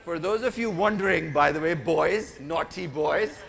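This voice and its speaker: A man's voice: a little high, moderate pace, creaky, a bit bright. Playful male keynote speaker in a hall. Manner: playful, teasing, directs the audience. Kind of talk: interactive keynote speech. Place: large conference hall. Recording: reverberant hall, faint noise.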